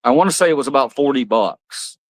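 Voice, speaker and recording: A man's voice: mid-range voice, lively intonation, fairly quick, no room sound. Blunt man rambling on a stream. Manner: rambling, blunt, swears freely. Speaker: livestream host. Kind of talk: casual livestream chat.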